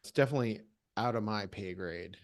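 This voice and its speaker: A man's voice: lowish voice, a little fast. A man hosting a podcast in casual chat, easygoing and agreeable, mostly giving short replies.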